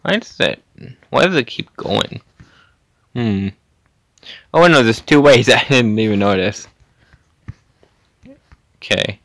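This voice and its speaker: A man talks his way through a video game in casual, self-directed commentary, speaking to his viewers now and then and chuckling between attempts. His voice is gravelly with a touch of vocal fry, and he takes his time with the words. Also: medium pitch, a bit bright, no echo. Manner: talks to himself while playing, chatty, quick little laughs. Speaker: gaming channel host.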